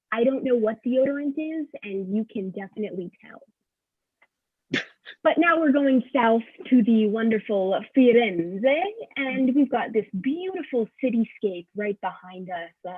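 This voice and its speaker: Teen girl comic, fairly high and husky, sarcastic stand-up; tinny, dry, phone-like audio. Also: dry recording. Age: late teens. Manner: sarcastic, quick jokes. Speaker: student comedian. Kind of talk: stand-up comedy set.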